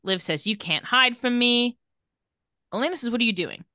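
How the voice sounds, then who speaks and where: A woman's voice: a little high, lively intonation, moderate pace, sharp tone, dry recording, studio quality. A woman co-hosting a podcast, casually recapping a TV episode scene by scene and quoting the characters. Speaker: podcast co-host.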